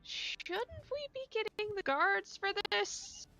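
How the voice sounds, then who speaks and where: Woman player, bright voice, wry, thinks out loud, casual table chat. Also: very high-pitched, expressive, slow, creaky, faint music behind.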